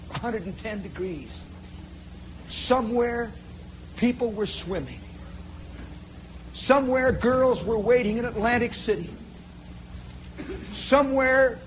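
A man telling a long first-person story in a dramatic, animated way, jumping from loud bursts to hushed asides and speaking straight to his listeners. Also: high-pitched, a little hiss or hum, low-quality recording. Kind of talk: spoken storytelling monologue.

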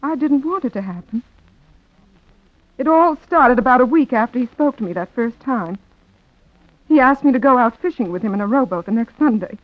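An actress in a 1940s radio drama playing a young woman in love, speaking softly and earnestly. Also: on the high side, expressive, normal speed, pauses often, dry recording, lightly acted. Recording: tinny old radio recording.

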